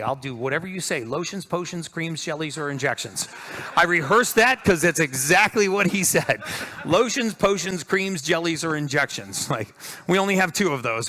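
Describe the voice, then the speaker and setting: A man tells a story on stage in a bright, forceful voice. He acts out each line of dialogue, lifting his pitch for the people he quotes. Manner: animated storyteller acting out quotes. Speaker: speaker. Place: stage before an audience.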